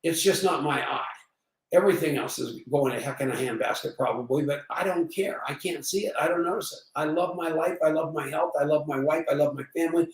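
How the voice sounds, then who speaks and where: Gravelly, upbeat man in his sixties. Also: fairly high pitch, a little fast. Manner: emphatic, storytelling, preachy. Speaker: network marketing vlogger. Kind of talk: energetic motivational monologue. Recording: roomy, slightly distant mic.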